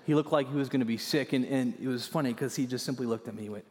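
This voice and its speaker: A man's voice: medium pitch, very fast, hardly any pauses. Preaching man in a reverberant hall. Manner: dynamic preaching, swinging from loud emphasis to hushed near-whispers; repeats key lines for emphasis. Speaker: pastor. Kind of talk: sermon.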